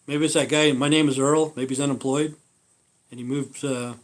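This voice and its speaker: A man's voice: mid-range voice, steady tone, normal speed. A man hosting a live stream, telling stories in a meandering, profane way. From Idaho. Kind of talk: rambling casual live-stream chat.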